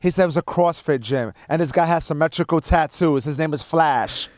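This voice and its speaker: Loose, swearing chat-show host. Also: male voice, on the high side, a little fast, no echo, studio quality. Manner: loose, profane, trailing off. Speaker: podcast host. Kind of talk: casual chat.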